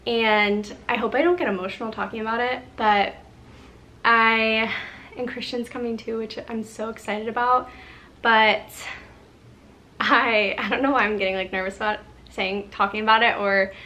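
A young woman in her twenties talking in an unscripted vlog, halting and close to tears, with many restarts and pauses. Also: fairly high pitch, steady tone, bright, forceful tone. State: on the verge of tears. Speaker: lifestyle vlogger. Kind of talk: emotional unscripted vlog talk.

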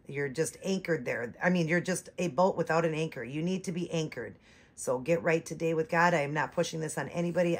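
A woman's voice: sits low, breathy edge. A woman in her forties chatting to viewers, telling a long rambling story. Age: 40s. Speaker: reborn doll vlogger. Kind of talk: casual chat to viewers.

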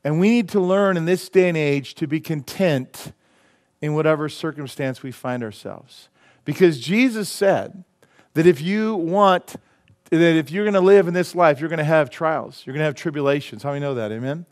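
A man's voice: a little high, moderate pace. A male pastor preaching a sermon in a church, joking and laughing at his own jokes as he goes. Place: church sanctuary.

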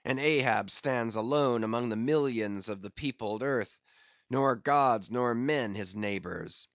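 A man playing a grim, obsessed old sea captain in a storybook reading, declaiming his lines and barking orders to his crew. He speaks at an unhurried, deliberate pace in a mid-range voice, heard close and dry with no room around him. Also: mid-range voice, no room sound, highs cut off, lightly acted. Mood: defiant.

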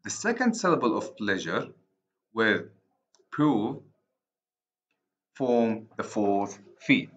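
Slow, halting male lecturer, Arabic accent. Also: medium pitch, a bit bright. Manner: slow, halting, many restarts and self-corrections. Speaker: university literature lecturer. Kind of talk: recorded online lecture on poetry. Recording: dull lo-fi recording.

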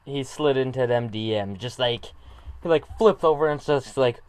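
A man giving casual reaction commentary on an animated short, emotional and gushing, laughing often. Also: mid-range voice, normal speed, clean tone, dry recording.

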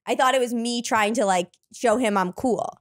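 A woman's voice: fairly high pitch, moderate pace. A woman in her thirties, a comedian guest on a podcast, telling rambling stories full of "like". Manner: rambling storyteller, lots of "like". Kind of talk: casual podcast chat.

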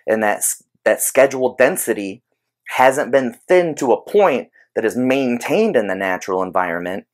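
A man giving an informal explanatory talk on behavior training, conversational and animated, using everyday examples. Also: mid-range voice. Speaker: behavior analysis educator.

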